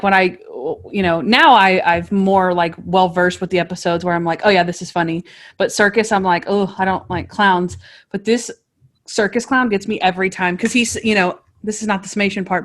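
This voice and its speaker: A woman guest co-hosting a podcast, chatting casually and acting out lines as she retells scenes. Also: on the low side. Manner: animated storytelling, acts out characters' lines. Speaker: guest co-host.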